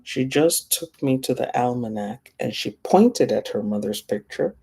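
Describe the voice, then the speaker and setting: A woman's voice: extremely low pitch, lively intonation, a little slow, vocal fry, background noise. A middle-aged woman from Africa teaching a class, telling a personal story and acting out the voices of the people in it. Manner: storytelling, acts out quoted voices.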